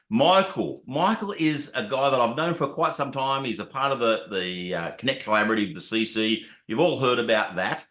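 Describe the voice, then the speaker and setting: A man's voice: mid-range voice, very animated, normal speed, a bit bright, echoey room. A man hosting a casual interview, chatty and matey, calling his guest "mate". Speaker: podcast host.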